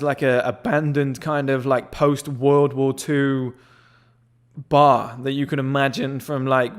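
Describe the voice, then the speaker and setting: A young man telling a rambling, excited story in casual chat, swearing often and filling with "like" and "whatever". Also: medium pitch. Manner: excitable, swears a lot, rambling with many fillers. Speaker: members club founder telling a story.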